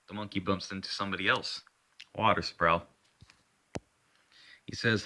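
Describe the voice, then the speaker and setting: A man's voice: sits low, fairly even intonation, normal speed, long pauses, bright, forceful tone. A man casually narrating his own hero story in a rambling way, swearing and correcting himself as he goes.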